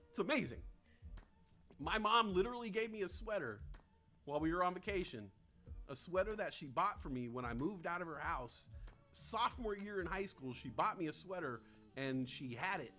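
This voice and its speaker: A man's voice: high-pitched, lively intonation, fairly quick, fairly bright tone, soft background music. A man in his forties hosting a live stream, chatting casually and rambling through viewer comments while swearing freely. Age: 40s.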